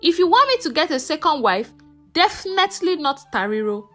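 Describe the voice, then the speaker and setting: Lady voicing a gentle troubled husband, earnest and pleading, high lively voice. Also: brisk, soft background music.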